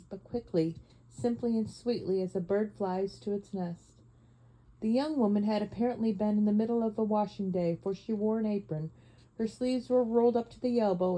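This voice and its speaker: A woman narrating an audiobook in a measured, expressive storytelling manner. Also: mid-range voice, rough recording. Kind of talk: audiobook reading.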